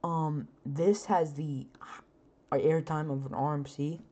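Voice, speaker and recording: A woman's voice: deep voice, fairly even intonation, slow, dark tone. A woman hosting her own podcast, chatting casually with lots of fillers, her voice a bit scratchy. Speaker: podcast host. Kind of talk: casual solo podcast chat.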